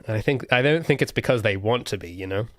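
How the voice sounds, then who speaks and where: A man's voice: fairly low pitch, lively intonation, fast, no echo, clean studio sound. A young adult man hosting a casual livestream Q&A, rambling and thinking aloud with many restarts. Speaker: solo game developer streamer.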